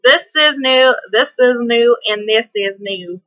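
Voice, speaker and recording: Her voice sits on the high side, pushed and bright, and she speaks slowly; the highs are cut off in the audio. She hosts gameplay, chatting hyperly as she plays, laughing often and slipping into a country twang now and then.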